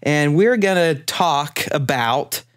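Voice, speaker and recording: A man's voice: on the high side, expressive, takes it slowly, fairly bright tone. A man hosting a casual gaming podcast from home on a headset mic, loose and a little profane, who slips into a playful radio voice for the intro. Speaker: podcast host. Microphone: headphones and mic at home.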